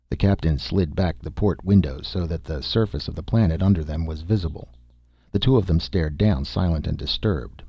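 A man narrating a science fiction story in a steady, measured reading voice, with a husky tone. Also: sits low, no room sound. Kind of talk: audiobook narration.

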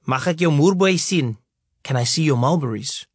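A man's voice: a little high, expressive, normal speed, husky, dry recording, clean studio sound. A man voicing a cursing, sneering bully of about twelve with a South African accent. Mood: taunting. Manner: taunting, cursing.

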